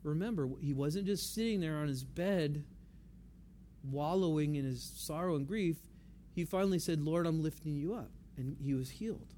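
A man's voice: on the high side, moderate pace, warm tone, slight background noise. Man preaching a conversational sermon. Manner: conversational preaching, repeats phrases for emphasis. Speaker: pastor.

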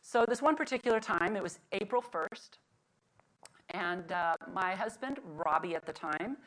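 A middle-aged woman speaking at a women's Bible study, teaching devotionally and telling family stories with lively, animated humor that settles into quiet reflection. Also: on the low side, low-quality recording. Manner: lively storyteller who leans in on the funny parts, then slows to reflect.

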